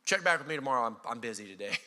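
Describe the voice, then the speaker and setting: Bright-voiced American pastor preaching. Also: male voice, medium pitch, rapid-fire. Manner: animated, acts out voices with sarcasm and laughs. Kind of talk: sermon. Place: church hall. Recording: church hall reverb.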